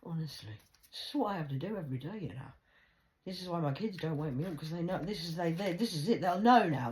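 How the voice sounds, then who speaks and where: A woman with a low voice talks into her phone alone at home at night. She rambles, swears freely, and swings from hushed whispers to sudden loud outbursts. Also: quick pace. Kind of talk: late-night solo phone vlog. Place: at home indoors.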